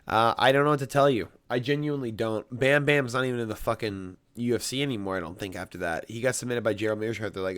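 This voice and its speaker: A man giving casual MMA fight predictions in a brash, rambling, emphatic way. He swears heavily, and his voice is getting hoarse. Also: mid-range voice, fast talker, few pauses, a bit bright.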